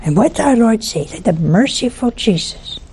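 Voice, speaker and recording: A woman's voice: on the high side, big pitch swings, moderate pace, a little mellow, slight background noise. A woman preaching a televised sermon in a folksy, teasing way, full of rhetorical questions to her viewers.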